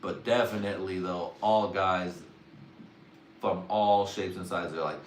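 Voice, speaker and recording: A man's voice: sits low, steady tone, takes it slowly, long pauses, far from the mic, a little hiss or hum. Crude rambling man on a livestream. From Mexican family. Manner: crude, rambling, heavy swearing. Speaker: livestream host. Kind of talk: casual livestream monologue. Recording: roomy sound from away from the mic.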